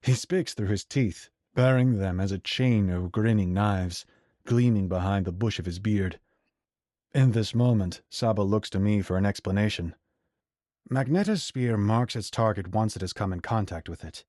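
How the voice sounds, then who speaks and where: A man narrating a fantasy audiobook in a measured, even storytelling voice. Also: on the low side, dry recording, clean studio sound.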